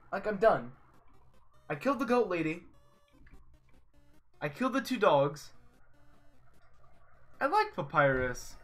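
Male streamer, live game commentary, casual, sweary, slightly high voice, faint music behind. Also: a bit bright. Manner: casual, swearing, frustrated exclamations.

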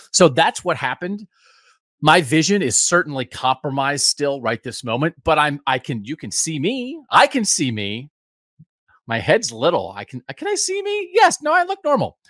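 A man's voice: medium pitch, fairly bright tone, dry recording, clean studio sound. A man in his fifties, a podcast host giving a casual, rambling, self-deprecating update from home. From United States. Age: 50s.

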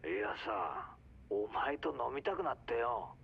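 An actor playing a gruff, blunt adult yakuza man in a video game, with rough, clipped speech. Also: medium pitch, sing-song, normal speed, fairly bright tone, dull audio, a little hiss or hum.

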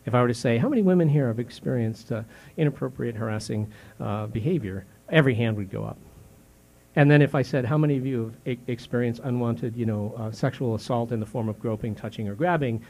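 Conversational older pastor preaching. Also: male voice, medium pitch. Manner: conversational, questioning, with many restarts and fillers; drops soft and slow on grave words, rises sharply when indignant. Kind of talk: sermon.

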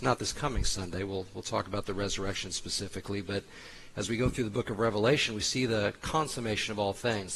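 Husky-voiced male pastor, sermon reading, chatty asides. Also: fairly low pitch, fairly bright tone, poor audio. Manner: conversational, with asides while reading aloud.

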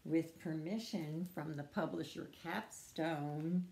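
A woman's voice: low voice, vocal fry. A woman librarian reading a picture book aloud at preschool storytime, asking the children questions. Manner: slow, lively, questions to children. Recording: echoey room.

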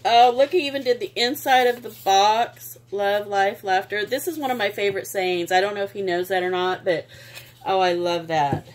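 Woman vlogger, effusive, middle pitch, faint noise behind. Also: moderate pace. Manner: gushing, sentimental, exclaims often. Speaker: craft vlogger. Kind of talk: casual unboxing chat.

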